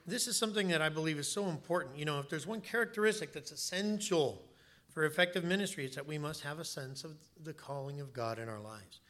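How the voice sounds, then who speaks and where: A man's voice: on the high side, pushed and bright. A male pastor preaching a sermon in a church, telling stories and stressing points by repeating words.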